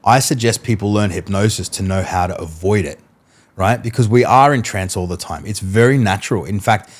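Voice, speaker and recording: A man, a mentalist guest, telling animated stories in casual podcast chat and acting out what people said. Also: lowish voice, fairly quick. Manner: animated storyteller, acts out quotes, laughs mid-story.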